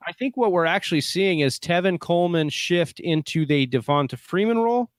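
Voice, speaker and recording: A man's voice: sits high, lively intonation, fairly quick, clean tone, dry recording, clean studio sound. A man co-hosting a fantasy football podcast, arguing his picks in emphatic, casual chat. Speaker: podcast co-host.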